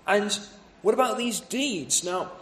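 Male preacher, high-pitched tenor, expository sermon delivery, rhetorical questions, echoey church room. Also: slow pace, a bit bright, slight background noise. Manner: expository, rhetorical questions, acts out voices of townspeople.

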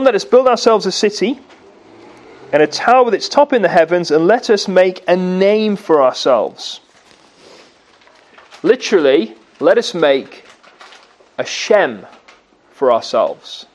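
A man preaching a sermon. He teaches from scripture and asks the congregation questions as he goes. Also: sits high.

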